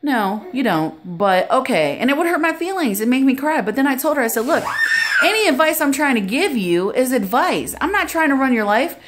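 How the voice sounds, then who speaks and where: A woman's voice: sits high, big pitch swings, fairly quick, very noisy. A middle-aged woman, a grandmother, giving earnest, preachy advice in a casual vlog. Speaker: grandmother vlogger.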